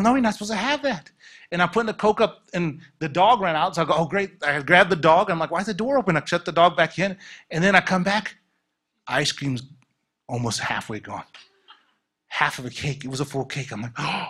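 A man preaching and telling a testimony story, acting out the dialogue with lively energy. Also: sits high. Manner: animated, acts out dialogue.

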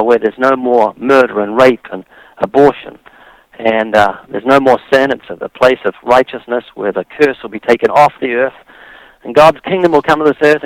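A man with a New Zealand accent speaks as a radio interview guest. He tells his story in a steady, dry-humored way. The sound is close and dry, with no room around it. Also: medium pitch, no echo, poor audio.

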